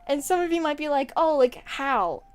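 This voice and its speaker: A young woman streamer casually telling work stories to her chat while drawing, animated, laughing often and acting out what people said. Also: high-pitched, normal speed, soft background music.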